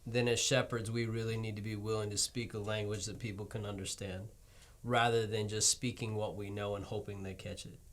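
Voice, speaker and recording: A man's voice: fairly low pitch, level tone, brisk, fairly bright tone. A man, a pastor, hosting a casual church talk show and encouraging his guest and viewers with light self-deprecating laughs. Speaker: pastor and host.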